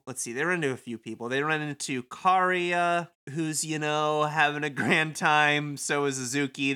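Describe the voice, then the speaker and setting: A man's voice: a little high, bright, forceful tone, smooth. A young man co-hosting a podcast, recapping a video game in rambling, casual chat and laughing often. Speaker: podcast co-host.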